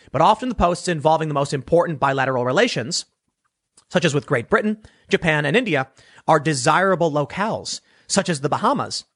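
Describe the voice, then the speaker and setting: A man's voice: a little high, a bit bright. A man giving blunt, sarcastic political commentary, reading news clippings aloud and often correcting himself mid-sentence.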